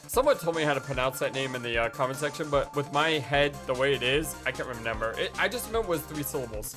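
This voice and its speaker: A woman's voice: rumbling low, animated, fast talker, few pauses. A woman hosting a let's play, reacting to the game in chatty, exclaiming commentary. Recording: game music playing underneath.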